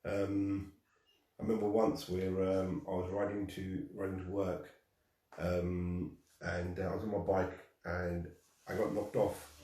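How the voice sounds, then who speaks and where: A man with a very deep voice tells a personal story with energy. He acts out the dialogue and laughs at himself. He sounds a bit distant from the mic, in a room with a noticeable echo. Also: mellow. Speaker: guest.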